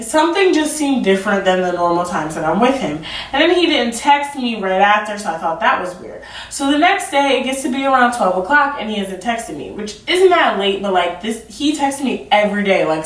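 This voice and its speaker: A woman's voice: mid-range voice, a bit bright. A young woman telling a storytime vlog in a chatty, goofy way, full of "like". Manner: chatty, filler-heavy 'like'; self-described awkward and goofy. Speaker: vlogger. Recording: roomy sound from a distant mic.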